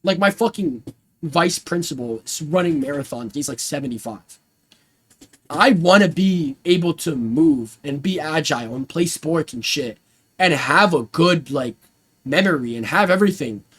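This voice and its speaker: Rambling, swearing young man, fairly high voice. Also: lively intonation, moderate pace, a bit bright, slightly rough. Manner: rambling, slangy and full of swearing. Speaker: streamer. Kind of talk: casual stream chat.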